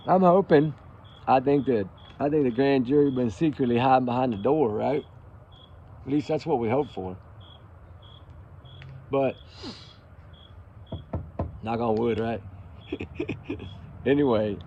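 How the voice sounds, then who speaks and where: Gravelly man by a campfire. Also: medium pitch, darkish tone, highs cut off, slight background noise. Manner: rambling, folksy, swings between joking and angry. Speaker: channel host. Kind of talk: casual nighttime talk by a campfire. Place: outdoors at a campfire at night.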